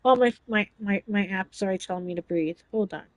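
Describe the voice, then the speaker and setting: A woman's voice: medium pitch, brisk, no echo, low-quality recording. A woman hosting a casual livestream chat, talking chattily, giggling often and reading chat messages aloud. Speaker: livestream host.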